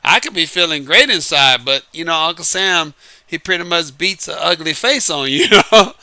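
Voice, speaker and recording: A New Orleans man with a light Southern accent gives dating advice in a casual, emphatic monologue, repeating his points and chuckling between them. His voice sits on the high side, with lively intonation and a moderate pace. It sounds pushed and bright, and the recording has no echo.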